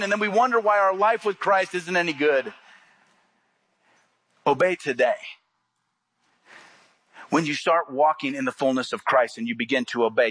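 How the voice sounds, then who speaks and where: Guy preaching a sermon, bright ringing voice, kinda high, punches up the big lines. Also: low-quality recording. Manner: preaching with rising emphatic peaks and quoted asides. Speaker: pastor.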